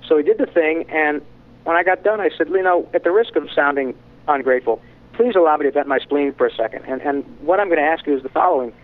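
A man, a voice actor guest, talks in a casual interview, telling stories with candid, animated asides. His voice sits a bit high for a man. The sound is thin and boxy, like it is coming over a phone line. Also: fast.

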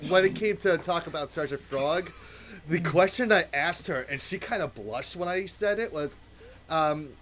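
A man telling a casual story, hesitant and filling pauses with ums. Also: a little high, expressive, fairly bright tone, slight background noise. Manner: hesitant, many fillers. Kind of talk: casual chat, anecdote.

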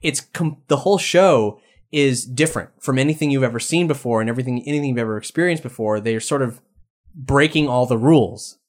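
A man's voice: medium pitch, a little fast. Male podcast co-host, casual and eager, rambles with restarts. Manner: rambling, enthusiastic, frequent restarts. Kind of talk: casual chat.

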